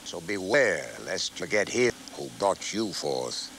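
A man's voice: deep voice, big pitch swings, measured pace, fairly bright tone, slight background noise, voice pushed down, exaggerated voice, poor audio. A man voicing Moses, an earnest aged prophet who leads his people, speaking in a raised, fervent tone. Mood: exhorting.

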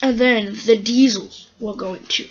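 A woman improvising a toy-train story, narrating haltingly and correcting herself as she goes. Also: a little high, lo-fi sound.

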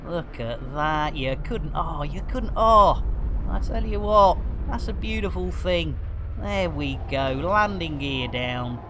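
Slow, jokey man streaming a game. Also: a little high, expressive, noisy background. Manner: jokey, punning, full of cheeky wordplay. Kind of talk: live gameplay commentary.

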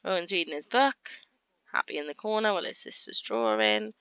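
Woman, chatty game commentary, bright clear voice, dry dull recording. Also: sits low, big pitch swings, no echo. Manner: chatty, voices her characters in quick asides. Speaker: gaming YouTuber. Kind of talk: casual gameplay commentary.

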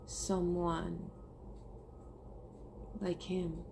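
A woman's voice: fairly low pitch, completely flat delivery, very slow, gravelly, a little mellow, a little hiss or hum. A woman talking earnestly and emotionally to her viewers in a heartfelt monologue, swearing casually. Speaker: spiritual vlogger.

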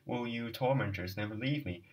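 A man voicing a feverish young male student who trembles and breaks into sharp outbursts of rage. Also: on the low side, moderate pace, recorded from a distance, natural voice, poor audio. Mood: frenzied.

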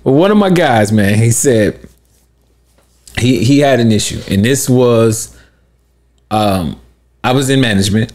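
A man co-hosting a podcast, telling a story in casual chat, acting out quotes loudly and laughing often. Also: medium pitch, expressive, unhurried, pauses often. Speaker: podcast co-host.

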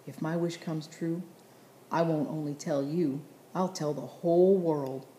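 A woman reading the lines of an earnest, eager young boy in a storybook, in her own low, mellow voice. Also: fairly even intonation, unhurried, reverberant, a little hiss or hum.

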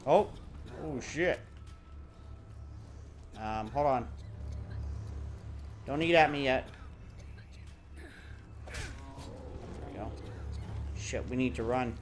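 Dude doing laid-back let's play commentary, slow and joking, cussing and laughing at stuff. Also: male voice, mid-range voice, a little hiss or hum. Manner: joking, swearing, laughing at the game. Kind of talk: casual gameplay commentary.

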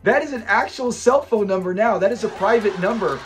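A man's voice: high-pitched, a little fast, soft background music. A man hosting a casual episode breakdown of an old sitcom. He chats along, laughs often and retells scenes. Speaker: host of a classic TV review channel.

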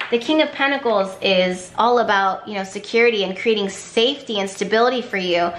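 A woman's voice: mid-range voice, a bit bright, roomy sound. A woman giving an intuitive tarot reading to camera, talking emphatically with repetition and flashes of exasperation. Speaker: tarot card reader.

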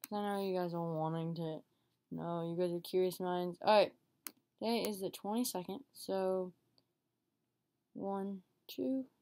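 A woman's voice: mid-range voice, dark tone. Chatty young woman vlogging. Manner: chatty, rambling, playful. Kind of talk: casual vlog chat.

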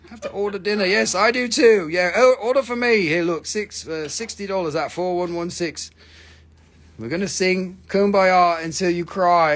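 A man's voice: sits high, moderate pace, a bit bright. A man hosting a live crystal sale, chatting casually, joking around and swearing freely. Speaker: host selling crystals on a live stream. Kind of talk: casual live-stream sales chat.

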